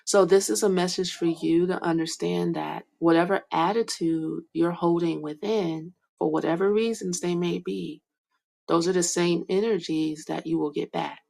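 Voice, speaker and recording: A young woman giving a soft, hesitant spiritual card reading, full of fillers and whispered asides. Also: lowish voice, steady tone, moderate pace, gravelly. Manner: whispers names to herself while reading cards. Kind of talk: slow meandering card reading monologue.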